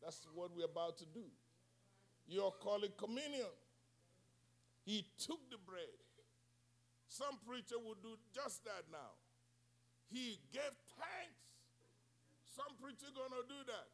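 High-voiced preacher, slow and declaiming. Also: male voice, animated. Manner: call-and-response preaching, swinging from hushed to shouting. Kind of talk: sermon.

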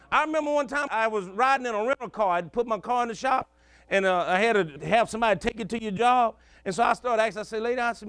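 A man's voice: very high-pitched, animated, fast talker, a bit bright, clear, resonant tone, no room sound. A male pastor, preaching a sermon in a folksy call-and-response style and telling stories from his own life.

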